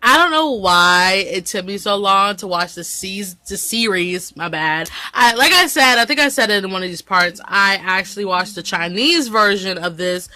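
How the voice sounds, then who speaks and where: A woman's voice: mid-range voice, moderate pace, hardly any pauses, no echo. Giggly young woman vlogging, dry sound. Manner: chatty and giggly, easily excited. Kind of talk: casual vlog chat to camera.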